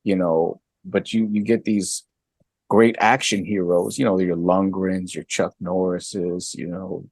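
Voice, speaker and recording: Middle-aged male co-host, deep gravelly voice, lively movie chat, dry recording. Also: unhurried, dry recording. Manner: animated, jumps high in pitch when making a point. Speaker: guest co-host. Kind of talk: casual chat.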